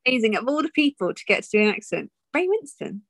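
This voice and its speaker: A woman's voice: on the high side, big pitch swings, fast talker, no room sound. A woman co-hosting a podcast, chatting casually about a film, teasing and laughing often. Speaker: podcast co-host. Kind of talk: casual film review chat.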